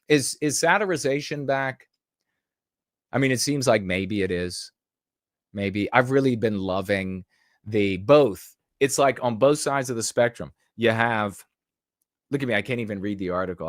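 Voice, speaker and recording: A man's voice: fairly low pitch, no echo, studio quality. A man hosting a podcast in a casual, rambling and sarcastic commentary style. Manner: rambling and sarcastic, mimics people mockingly. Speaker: podcast host.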